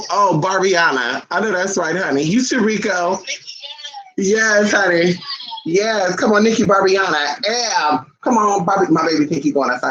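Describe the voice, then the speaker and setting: A woman's voice: fairly low pitch, fairly bright tone. A woman host chatting casually and playfully with her viewers, often calling them honey. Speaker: channel host. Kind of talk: casual live chat with viewers. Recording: dull lo-fi recording.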